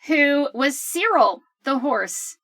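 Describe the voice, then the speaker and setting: A woman with a high, bright voice co-hosting a casual podcast chat. She talks in an animated, opinionated way, full of quick asides. The sound is dry and close. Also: no echo. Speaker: podcast co-host.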